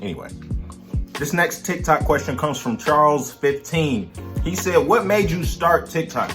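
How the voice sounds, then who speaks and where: Give me a relaxed, chatty man answering fan questions over background music. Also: on the high side, measured pace. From Detroit, Michigan, USA. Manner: laid-back, slangy, chatty with viewers. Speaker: musician and content creator. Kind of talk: casual Q&A vlog.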